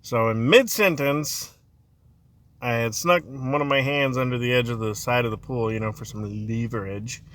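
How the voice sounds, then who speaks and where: A man's voice: medium pitch, moderate pace, fairly bright tone. A man telling a funny childhood story in a casual, rambling way, laughing often and drifting off on tangents. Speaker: dad telling a family story.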